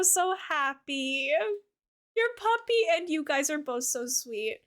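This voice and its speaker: A bubbly woman streamer chats casually with her viewers while she plays. Her voice sits high and sounds bright. She talks in a giggly way, full of "like" fillers, and gushes warmly at her chat. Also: lively intonation, measured pace. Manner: warm toward chat, gushing.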